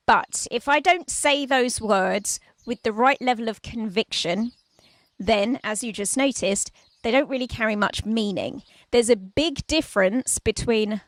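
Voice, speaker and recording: A woman's voice: a little high, measured pace, no echo. Emphatic woman coaching parents. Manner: emphatic, conversational, demonstrates tones with her voice. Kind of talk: informal talk to camera. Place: outdoors. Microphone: handheld microphone.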